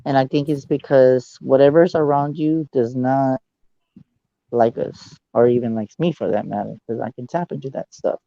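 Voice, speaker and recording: A male psychic giving a dramatic live reading over a video call. He often drops into low, hushed asides. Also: steady tone, normal speed, gravelly, no echo, lo-fi sound.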